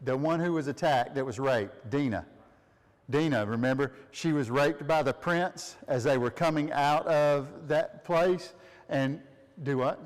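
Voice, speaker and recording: A man's voice: on the high side, unhurried, in a large hall. A man leading a family Bible study, reading scripture aloud and asking his listeners questions with frequent laughs. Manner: reads aloud, then asks listeners questions and laughs often.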